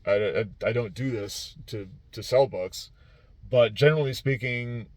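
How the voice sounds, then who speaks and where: Talking a little slowly in a medium-pitched voice, a man who runs tabletop games at a convention gives a casual vlog recap of his weekend. He rambles with plenty of fillers and restarts and laughs easily, and the recording is dry.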